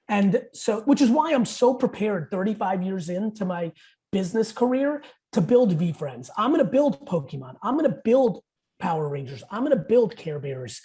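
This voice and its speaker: A man in his forties talks as a podcast guest, blunt and full of swearing. He tells stories rapid-fire, punching his points home. His voice has a dark, mellow tone. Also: sits high, sing-song. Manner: blunt, profane, rapid storytelling. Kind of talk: casual podcast interview.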